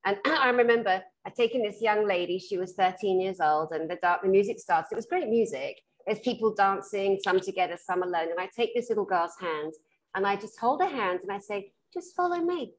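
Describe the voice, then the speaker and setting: Animated British woman telling stories. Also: medium pitch, a little fast. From Britain. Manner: animated storyteller who acts out the people she quotes; frank and blunt, laughs through her stories. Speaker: spiritual therapist. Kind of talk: casual storytelling chat.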